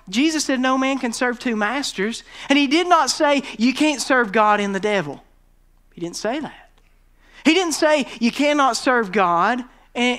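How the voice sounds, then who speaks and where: A man preaching a sermon as pastor, who rises to loud emphatic stretches and drops to quiet, low tones when he quotes scripture.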